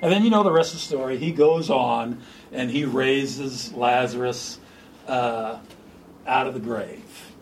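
A man preaching an informal sermon to a small group, animated and joking. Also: mid-range voice, unhurried, a little hiss or hum, poor audio. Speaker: pastor.

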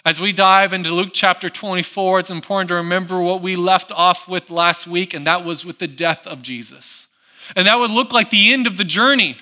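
A man preaching a sermon, who acts out the people in the story and drops to a hush on reflective lines. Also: high voice, normal speed. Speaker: pastor.

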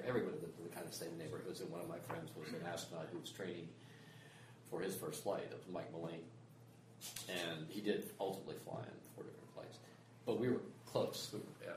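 An older man who worked on the space shuttle software, telling a story in casual chat and laughing along the way. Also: sits low, distant mic. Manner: animated, laughs while telling stories. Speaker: former space software engineer, guest. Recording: echoey room with background noise.

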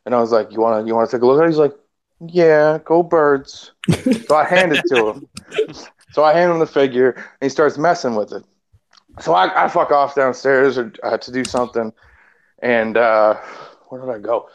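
A man with a lively, profane, laughing way of talking, telling a casual story on a podcast and acting out what others said. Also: mid-range voice, normal speed. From Canada. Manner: animated, profane, laughs often, acts out quotes. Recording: dull lo-fi sound.

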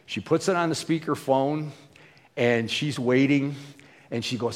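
A man's voice: medium pitch, measured pace, big-room sound. A man preaching a sermon, telling stories in a chatty way with fillers and restarts. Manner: conversational storytelling with fillers and restarts. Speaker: pastor.

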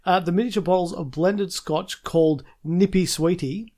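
A man's voice: sits high, normal speed, darkish tone. A man co-hosting a casual chat, talking in a rambling way with many restarts. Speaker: co-host.

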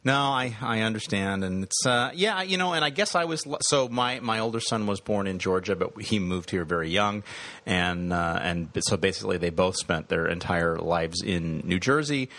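A man's voice: deep voice, animated, moderate pace, a bit bright, dry recording. A man from upstate New York co-hosting a podcast in casual chat, rambling with many restarts and fillers. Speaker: podcast co-host.

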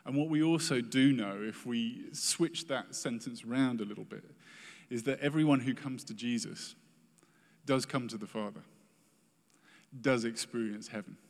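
A man's voice: medium pitch, normal speed. Earnest male preacher in a reverberant hall. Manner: earnest, emphatic, acts out quoted prayers. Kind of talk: sermon.

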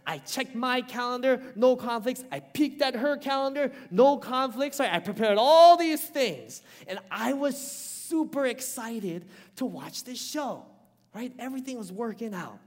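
A man preaching a sermon, telling a personal story in an animated way and often checking in with the congregation with "right?". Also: very high voice, measured pace. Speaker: pastor. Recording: long hall reverb.

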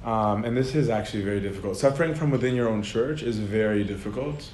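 A man's voice: lowish voice, quick pace, a little mellow. A man giving a casual lecture, talking conversationally with lots of fillers and frequent laughter. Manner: conversational, filler-heavy, often laughs mid-sentence. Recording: echoey room with faint ambient noise.

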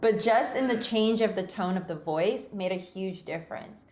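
A woman's voice: medium pitch, moderate pace, a little mellow. A woman hosting a casual conversation, telling stories expressively and laughing often. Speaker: podcast host.

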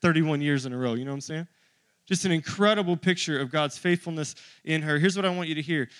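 A man's voice: a little high, quick pace, fairly bright tone, no room sound. A man in his thirties preaching a sermon to his church, conversational and joking with the congregation. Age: 30s. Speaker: pastor.

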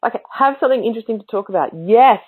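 A woman hosting a podcast and giving coaching tips in a casual teaching talk, speaking emphatically with expressive inflections. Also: a little high, fast, breathy edge. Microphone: livestream mic. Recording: tinny phone-like sound.

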